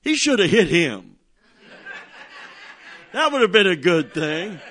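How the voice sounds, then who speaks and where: A man's voice: high-pitched, big pitch swings, takes it slowly, a bit bright. A middle-aged male pastor preaching a sermon, telling stories and calling for amens from the congregation. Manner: preaching with call-and-response, storytelling, laughing asides.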